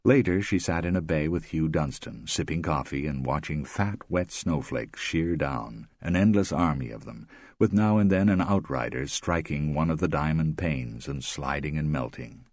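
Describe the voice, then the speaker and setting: Low husky male audiobook narrator. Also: lively intonation, moderate pace, a little mellow, no echo, clean studio sound. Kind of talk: scripted narration.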